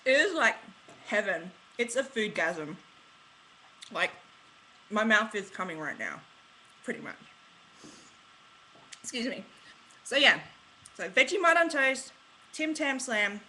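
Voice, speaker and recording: A woman's voice: fairly high pitch, very animated, slow pace, pauses often, pushed and bright, poor audio. An Australian woman from Australia chatting in a casual, bubbly vlog, slangy and rambling as she talks. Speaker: vlogger.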